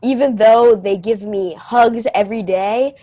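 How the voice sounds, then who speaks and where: A woman's voice: a little high, unhurried, dark tone, dry recording, poor audio. Teen girl improviser, exasperated and indignant, dry close mic. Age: young teen. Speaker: improv camp performer. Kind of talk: improvised comedy scene over video call. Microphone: video call.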